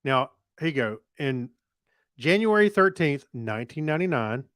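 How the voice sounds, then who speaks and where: A man co-hosting a podcast, chatting casually with quick asides and restarts. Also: medium pitch, very animated, a bit bright, clear, resonant tone, no echo, clean studio sound. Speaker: podcast co-host. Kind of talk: casual tech news chat.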